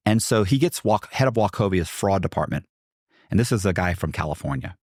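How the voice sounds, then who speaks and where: A man with a low, deep voice telling a long anecdote as a podcast guest, acting out the people in it with colorful swearing. He is recorded close on a studio mic in a dry, dead space. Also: fast talker, no room sound. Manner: animated, acts out quotes, swears. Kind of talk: casual storytelling.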